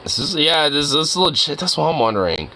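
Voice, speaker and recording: A man's voice: fairly high pitch, very animated, a little fast, pushed and bright, slight background noise, low-quality recording. A young man casually reacting to a video while gaming, laughing and swearing in disbelief. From suburban Toronto, Canada. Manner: laughing, incredulous, profane. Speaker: streamer.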